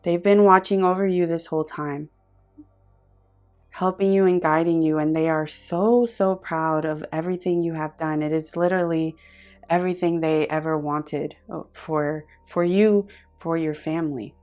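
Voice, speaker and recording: A woman with a low voice gives a pick-a-card tarot reading, earnest and effusive. She pauses often and restarts her sentences as she reaches for the right words. Soft music plays faintly behind her. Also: steady tone. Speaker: tarot reader.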